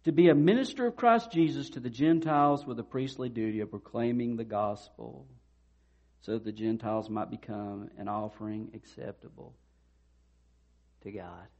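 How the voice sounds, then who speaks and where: A man's voice: medium pitch, moderate pace, dull audio. A man preaching a sermon in a conversational way, acting out the people in the stories he tells. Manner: conversational preaching with animated retold dialogue. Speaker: pastor.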